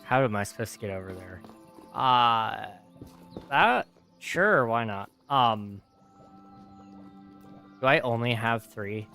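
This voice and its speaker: With faint music in the background, this gaming streamer speaks slowly with long pauses, his mid-range voice pushed, bright and lively in intonation. He's a tired, yawning young man who rambles easygoingly, reading chat out and answering it.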